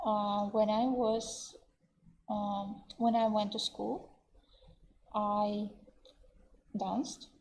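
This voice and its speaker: A woman with a Russian accent teaching English vocabulary in an online webinar, explaining words slowly and translating them into Russian. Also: a little high, a little mellow, a little hiss or hum, low-quality recording. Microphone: computer mic on a webinar.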